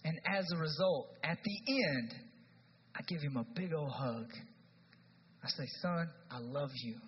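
A youth pastor in his thirties preaching a conversational sermon in a church, moving between hushed and loud. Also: fairly high pitch, unhurried, breathy edge. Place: church sanctuary. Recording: dull sound with long hall reverb, faint noise.

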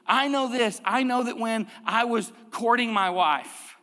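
A man's voice: extremely high pitch, unhurried, bright, forceful tone, long reverb tail. A middle-aged male pastor preaching a sermon in a conversational way, with rhetorical questions and repeated phrases. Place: church sanctuary.

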